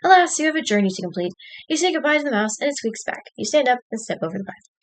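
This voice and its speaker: Woman streamer reading a choose-your-path story, dry little asides, kinda high voice. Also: lively intonation, racing.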